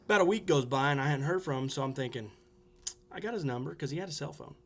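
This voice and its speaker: A man with a slightly raised pitch, speaking as a podcast guest in a relaxed, conversational way. He tells his story with energy, slips into the voices of the people he quotes, and fills his speech with casual fillers. The overall feel is loose, candid chat. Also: quick pace. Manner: animated storyteller who acts out quoted dialogue; frequent fillers like "I was like" and "you know". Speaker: podcast guest, small-town entrepreneur.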